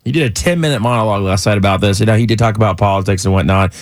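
Fast-talking male morning radio host. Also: on the low side. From California. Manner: earnest, halting with repeated restarts. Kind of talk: casual radio talk. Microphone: studio microphone.

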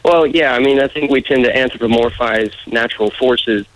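A man speaking in a measured way as a guest on a casual radio interview, laughing often. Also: mid-range voice, a bit bright, poor audio. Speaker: political candidate guest.

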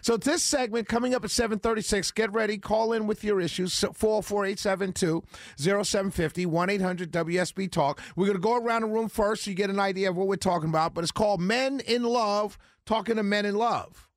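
A man's voice: high voice, fairly even intonation, a little fast, no room sound. A man hosting a talk radio show, talking in an emphatic, rambling way straight to his listeners on a studio mic. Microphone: studio broadcast mic.

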